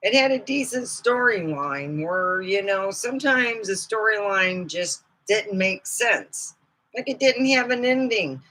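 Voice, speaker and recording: A woman vlogger chats casually and rambles from thought to thought, laughing along. Her voice is bright and sharp. She talks at an unhurried pace. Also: mid-range voice, lively intonation, poor audio. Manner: rambling, chatty, laughs often. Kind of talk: casual chat.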